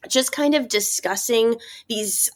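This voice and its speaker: A woman's voice: a little high, slow. A woman in her thirties or forties, talking as a guest teacher on a podcast. She chats casually and with animation, slipping into other people's voices now and then. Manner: animated, acts out student voices. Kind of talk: casual interview chat.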